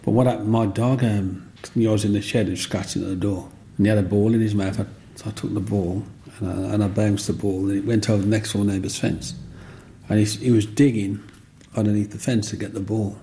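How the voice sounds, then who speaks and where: An older man, telling stories from his life in an interview with lively energy. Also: on the low side, a little fast. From Black Country, England. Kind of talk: animated personal storytelling.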